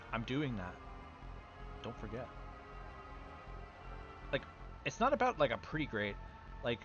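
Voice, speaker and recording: A man's voice: mid-range voice, bright, forceful tone, lo-fi sound. A man casually chatting on a game livestream, rambling and answering his chat. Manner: rambling and talking back to chat. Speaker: game streamer.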